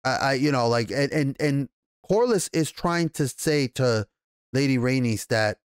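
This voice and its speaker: A man giving a casual, rambling TV episode recap and review, excitable and profane, with many restarts. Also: medium pitch, a little slow, clear, resonant tone, no room sound, studio quality. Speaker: TV show reviewer.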